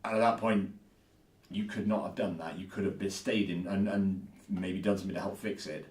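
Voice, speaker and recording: Captured on a distant mic in an echoey room, this podcast co-host chats casually, musing out loud and frequently going over the same points. He has a low, darkish voice with a steady tone at normal speed.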